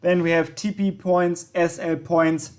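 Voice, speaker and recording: A man's voice: fairly high pitch, flat delivery, a little slow. A young man, a native German speaker, hosting a screen-recorded trading tutorial and talking casually, correcting himself with frequent ums and yeahs. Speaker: trading channel host.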